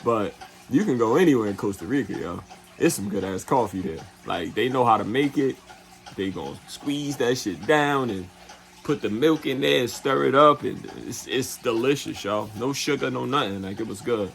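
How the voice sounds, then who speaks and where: A man's voice: mid-range voice, creaky, a bit bright. A man telling a travel story in a loose, profane way, full of fillers and acted-out quotes. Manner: loose and profane, heavy fillers like "you know what I'm saying"; acts out other people's lines in quick put-on voices. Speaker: travel vlogger. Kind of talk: casual storytelling.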